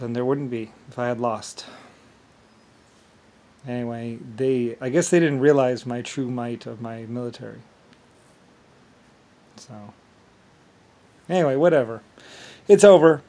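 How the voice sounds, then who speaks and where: A man's voice: medium pitch, a little mellow. A man talking alone in a rambling monologue, stumbling and repeating words as he goes. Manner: halting, repeats words, trails off. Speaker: vlogger.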